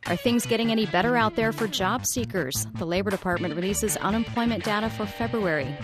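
A woman's voice: mid-range voice, brisk, music in the background. A woman reading a scripted news preview with a playful, bouncy delivery. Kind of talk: scripted headline read.

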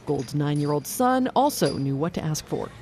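A radio host and reporter with a medium-pitched, darkish, sing-song voice talks at normal speed over slight background noise. He moves between scripted narration and casual, curious interview questions, recorded first in a car at a drive-thru and then in a restaurant. His manner is friendly and curious, and he asks short questions.

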